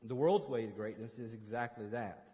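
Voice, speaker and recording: A man's voice: mid-range voice, moderate pace, mellow, long reverb tail. A man preaching an expository sermon as pastor, earnest and emphatic, often restarting phrases.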